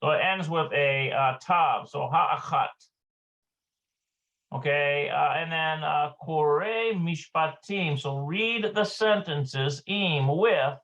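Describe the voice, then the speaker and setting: A man teaching a live online language lesson, slow and halting, with many filler sounds. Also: a little high, fairly bright tone, dull audio. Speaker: Hebrew teacher.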